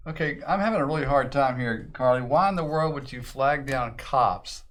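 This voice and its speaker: Southern dude co-hosting a card stream, low-key and dry. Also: male voice, moderate pace, a bit bright. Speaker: card break co-host. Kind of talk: livestream card break chat.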